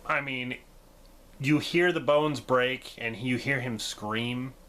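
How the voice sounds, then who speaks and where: A man's voice: mid-range voice, takes it slowly, fairly bright tone. A man giving a casual, enthusiastic movie review for his channel, gushing and laughing often.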